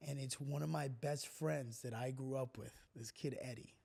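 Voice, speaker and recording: A young man telling profane stories in a casual, animated podcast chat, often acting out what others said. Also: medium pitch, normal speed, creaky, breathy edge. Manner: profane, animated storytelling with acted-out quotes. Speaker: podcast co-host.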